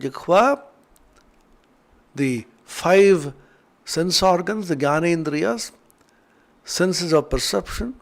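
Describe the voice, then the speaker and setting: Slow, gravelly older monk lecturing. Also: male voice, high voice. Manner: slow, earnest, emotional storytelling. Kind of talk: spiritual lecture with chanted Sanskrit verses.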